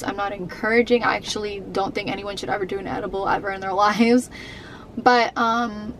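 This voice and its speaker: Young woman, vlogger, candid storytime, rambling, emotional, medium pitch. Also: slight background noise, poor audio. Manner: emotional, rambling, many fillers and restarts.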